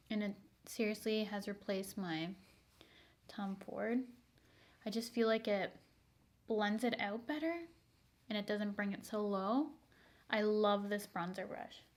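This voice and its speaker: A woman's voice: mid-range voice, unhurried, pauses often. A young woman, chatting to viewers through a makeup tutorial, laughing often and making asides. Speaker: beauty vlogger.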